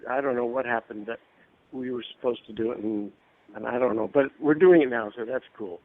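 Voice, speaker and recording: Male interview guest, friendly, halting restarts, mid-pitched, tinny phone-line audio. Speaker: guest actor. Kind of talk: casual interview chat.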